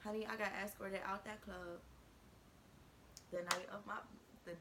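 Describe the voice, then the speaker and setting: Bright-voiced young woman telling a story. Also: mid-range voice, unhurried, slight background noise, poor audio. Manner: animated, slangy, swears freely. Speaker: vlogger. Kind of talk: casual storytime.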